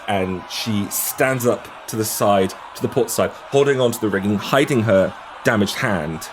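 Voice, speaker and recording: A man's voice: fairly low pitch, a little slow, hardly any pauses, noisy background. A man narrating a tabletop game as game master, with vivid description.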